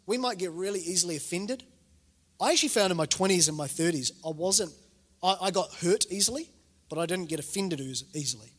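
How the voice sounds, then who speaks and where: A man's voice: sits high, brisk. A man, preaching a sermon as a pastor and acting out the voices in the stories he tells. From New Zealand. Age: 40s. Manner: animated storytelling, acting out quoted voices. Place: church hall. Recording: reverberant church hall.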